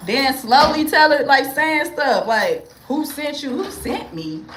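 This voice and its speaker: A woman's voice: sits high, lively intonation, measured pace, hardly any pauses, fairly bright tone, a little hiss or hum. A woman vlogger venting in a casual, profane monologue, laughing often, with speech.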